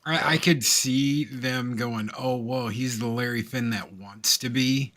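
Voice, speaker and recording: A man co-hosting a film podcast who tells anecdotes and slips into voices for quotes. His voice is bright and forceful at a middling pitch. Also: fairly even intonation, measured pace. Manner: storytelling, acts out quoted voices. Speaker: podcast co-host. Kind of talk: casual film discussion.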